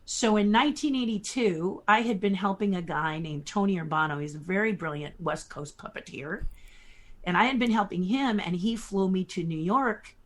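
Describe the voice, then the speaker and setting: A woman in her sixties, a guest puppeteer telling lively stories in a podcast interview, chuckling as she talks. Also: medium pitch, moderate pace. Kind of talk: anecdotal storytelling in a podcast interview.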